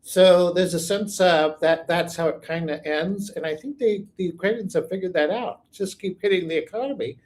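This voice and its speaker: A man's voice: sits high, moderate pace, few pauses, darkish tone. A man hosting a psychic channel, reading out viewer questions and answering them in a rambling, think-aloud way. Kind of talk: live viewer Q&A.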